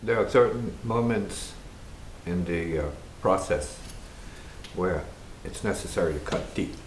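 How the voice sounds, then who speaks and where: A man's voice: sits low, unhurried, a little hiss or hum. A man, a spiritual teacher, speaking reflectively and rhetorically and often checking in with "see?". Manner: rhetorical, keeps asking "see?". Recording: echoey room.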